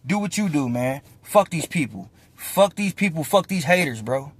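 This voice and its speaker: Young man, twenties, car vlog rant, profane, slangy, slightly high voice. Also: expressive, normal speed, husky, no echo. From United States. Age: 20s. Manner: heated, profane, slangy, repeats "bro". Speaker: vlogger. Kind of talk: casual rant to camera. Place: inside a parked car.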